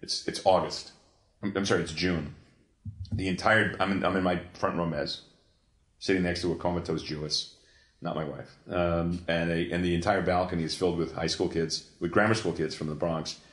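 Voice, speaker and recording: A man in an interview, telling a long story in an animated, profane way, full of restarts. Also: low-pitched, brisk. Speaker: guest, comics creator. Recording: echoey room.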